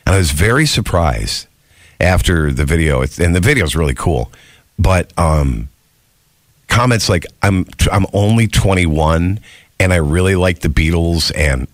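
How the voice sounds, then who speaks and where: A man's voice: deep voice, lively intonation, measured pace, no echo, clean studio sound. A middle-aged man hosting a morning radio show, earnest and sentimental, taking calls. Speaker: radio host. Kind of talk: casual morning radio banter.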